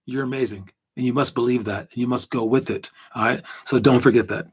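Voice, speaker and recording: A man hosting a casual basketball podcast, rambling and animated with lots of fillers. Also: mid-range voice, fairly quick, a little hiss or hum. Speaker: podcast host.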